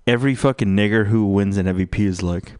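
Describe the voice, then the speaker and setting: A man's voice: fairly low pitch, fast, a little mellow, clean tone, dry recording, clean studio sound. A man hosting a radio show, ranting in a profane, rambling, mocking way full of fillers. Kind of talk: crude rambling radio rant.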